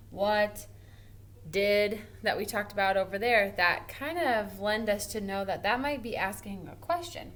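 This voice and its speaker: At a smartboard in a home or classroom, a woman with a slightly high voice teaches first graders grammar in a recorded lesson. Slow and encouraging, she stretches out her example sentences with expression.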